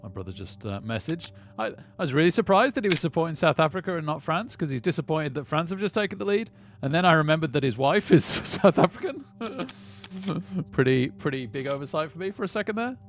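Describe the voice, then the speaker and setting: A man's voice: fairly high pitch, sing-song, fast, hardly any pauses. A man chatting casually to viewers on a live poker stream. He rambles and often repeats words as he starts a sentence. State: lightheaded.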